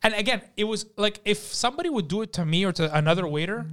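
A man telling a story in casual chat in a podcast studio, animated and profane, acting out the people in it. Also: sits high, fast talker. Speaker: podcast guest.

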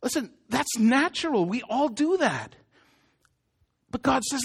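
A man with a strikingly high voice preaches a sermon. His delivery is casual and chatty, full of self-deprecating jokes and quick asides to the congregation. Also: lively intonation, fairly bright tone, husky. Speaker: pastor.

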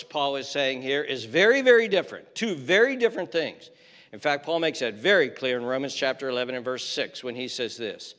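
A man preaching a sermon, stressing his points firmly and slowing right down when he reads scripture. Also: medium pitch, lively intonation, a bit bright, big-room sound. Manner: emphatic, slows down hard on scripture quotes. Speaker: pastor. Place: church.

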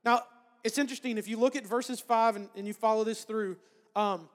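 A man delivers a sermon in a relaxed, conversational preaching style. He often restarts phrases and checks in with his listeners. His voice sits high, and a long hall reverb trails after each phrase. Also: a little fast. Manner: conversational preaching with frequent "right?" asides and restarts. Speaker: pastor.

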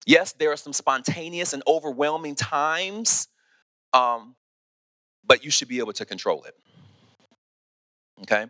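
A man preaching a sermon as pastor, animated, often restarting and asking "okay?". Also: fairly high pitch, a little slow, pauses often, no echo, clean studio sound. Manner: animated, repeats words, asks "okay?" often.

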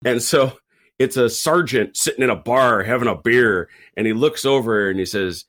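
A man's voice: medium pitch, normal speed, a bit bright. A man in casual podcast chat who tells a rambling story and often stops and restarts his phrases. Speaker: podcast panelist.

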